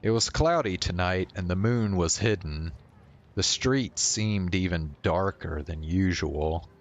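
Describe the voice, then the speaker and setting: A man's voice: deep voice, unhurried, dull audio. A male streamer reading a visual novel aloud and breaking off now and then for offhand remarks and chuckles.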